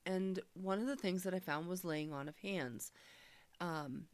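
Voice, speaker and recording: A woman sharing a personal healing testimony, speaking in an earnest, searching, soft-spoken way. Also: fairly low pitch, unhurried, dry recording.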